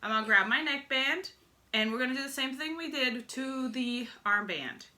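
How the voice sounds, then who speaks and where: A young woman with a high, bright, pushed voice speaks at a moderate pace. She's a sewing pattern instructor running a casual tutorial at her machine, chatting and tossing jokey asides to viewers as she works.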